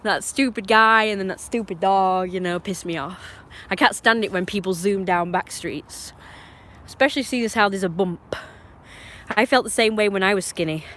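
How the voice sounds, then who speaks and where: With a pushed, bright medium-pitched voice at a moderate pace, this English live streamer from England chats casually and rambles. The talk is meandering and opinionated, full of restarts and asides.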